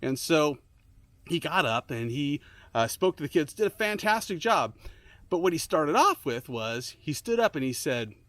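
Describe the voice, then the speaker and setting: A man's voice: big pitch swings, moderate pace, a bit bright, no echo. A man giving a casual devotional talk as a ministry speaker, telling a story earnestly with restarts and fillers and pressing his points with emphasis. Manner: emphatic, rising to urgent high points.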